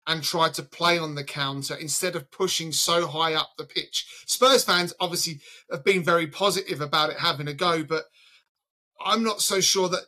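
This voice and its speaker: Bright, higher-voiced male host posing questions in football chat. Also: normal speed. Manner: questioning, steers discussion to others. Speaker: podcast host.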